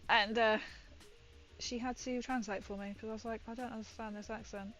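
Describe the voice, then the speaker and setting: A woman's voice: on the high side, fairly even intonation, a little fast, a bit bright, soft background music. A woman chatting casually as she paints miniatures, rambling and swearing now and then. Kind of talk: casual chat while painting.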